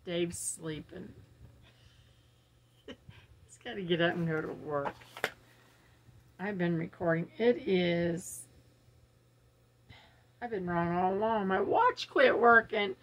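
A woman's voice: on the low side, slow, long pauses, lo-fi sound, slight background noise. A middle-aged woman, chatting casually and giggling as she unboxes products at home for her viewers. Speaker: unboxing vlogger. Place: home, early morning.

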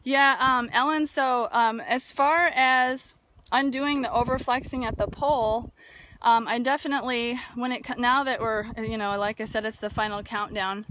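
Outdoors near a barn, a woman hosts a live video on horse training filmed on a phone, with faint wind noise in the background. Her voice is fairly high and fairly bright, steady in tone and moderate in pace, and she talks casually and thoughtfully with many fillers and restarts.

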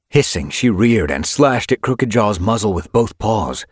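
Husky, expressive male audiobook narrator. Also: lowish voice, measured pace, few pauses, dry recording, studio quality.

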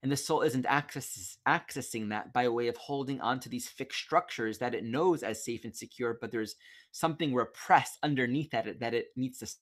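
A man giving a gentle, reflective astrology lesson over a video call, with self-corrections as he goes. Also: mid-range voice, moderate pace. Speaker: astrology teacher.

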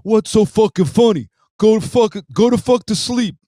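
Guy doing a loud macho rhode island wannabe mobster dude, high and yelling, dry sound. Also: normal speed, no room sound, natural voice. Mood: angry yelling. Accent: Rhode Island East Coast. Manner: shouting, brash, tough-guy drawl. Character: loud macho East Coast wannabe-mobster man, blustering.

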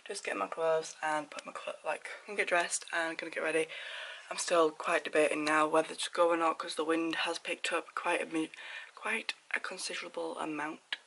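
A woman chatting casually in a vlog at home, croaky with her morning voice, rambling and often talking in a hushed half-whisper. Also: low-pitched, fairly even intonation, normal speed, a little hiss or hum, low-quality recording. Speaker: vlogger. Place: at home, indoors.

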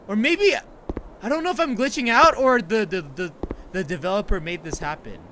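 A man's voice: sits high, noisy background. A man giving jokey, jumpy commentary on a horror game he is playing. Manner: excitable, yelps and screams at jump scares. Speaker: gaming YouTuber.

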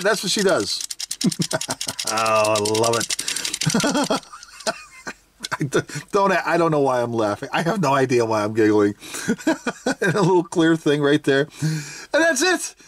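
A toy reviewer hosting a casual unboxing video, chatting with excitement, giggling often and thinking aloud. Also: medium pitch. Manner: thinks aloud, unsure asides. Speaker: toy reviewer, channel host.

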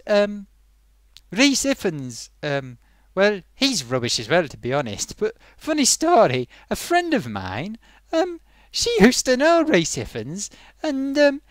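A comic reviewer pours scorn on a film, rambling and knotting up his own sentences as he goes. The voice leaps up and down in pitch with lots of animation, and the sound is dry and close. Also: no echo. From Britain. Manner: scornful, rambling, with self-tangling asides.

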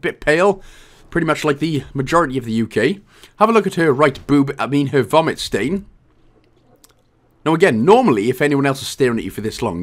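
Chatty, lively game walkthrough guy. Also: medium pitch. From Wales. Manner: chatty, jokey, self-correcting. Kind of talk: casual gameplay commentary.

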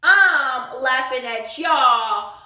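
A woman's voice: high-pitched, animated, very slow, pushed and bright, roomy sound, distant mic, pitched below the performer's own voice, exaggerated voice. A woman doing a mocking impression of a real activist in a parody monologue, drawling with sing-song fake crying and lots of "y'all.". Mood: smug boasting. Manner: drawling, says y'all a lot.

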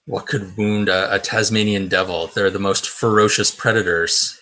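A man voicing a worried wombat with a deep, rumbly voice and a hushed, fretful way of talking. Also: fairly even intonation, moderate pace.

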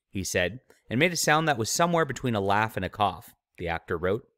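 A man's voice: mid-range voice, lively intonation, normal speed, a bit bright, no room sound, clean studio sound. A man hosting his own channel, giving opinionated commentary with sneering, mocking asides. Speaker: channel host, author.

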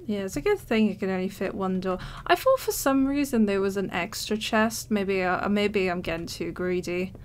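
A woman's voice: mid-range voice, animated, normal speed, hardly any pauses. A woman casually commentating her own gameplay, chatty and giggly with plenty of self-mocking asides. She talks straight to her viewers over faint background noise. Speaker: let's play host.

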